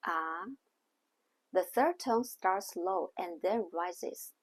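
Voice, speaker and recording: A woman teaching a language lesson in a scripted way, speaking slowly and carefully and demonstrating sounds one at a time. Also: mid-range voice, a little mellow, husky. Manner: slow, careful, demonstrating tones on single syllables.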